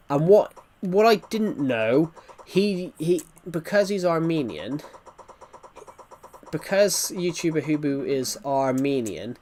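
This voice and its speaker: A man's voice: fairly high pitch, lively intonation, a little slow, a little mellow, slight background noise. A man, a gaming streamer, telling a story in casual chat with rambling restarts.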